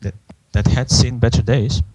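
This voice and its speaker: A man's voice: mid-range voice, steady tone, normal speed, a little mellow, husky, no room sound, rough recording. A man co-hosting a casual podcast chat, wry and playful. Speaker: podcast co-host.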